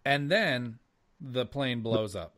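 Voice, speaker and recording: A man co-hosting a podcast, chatting casually in an animated way, swearing and laughing often. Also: mid-range voice, slow pace, a little hiss or hum. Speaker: podcast co-host. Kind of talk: casual chat.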